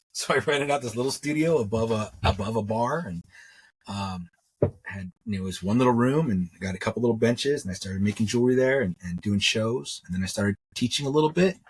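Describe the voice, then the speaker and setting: A man's voice: mid-range voice, brisk, slightly rough. A middle-aged man, a jewelry maker, telling his story in a rambling, casual way, repeating words and acting out what others said. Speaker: interview guest, metalsmith.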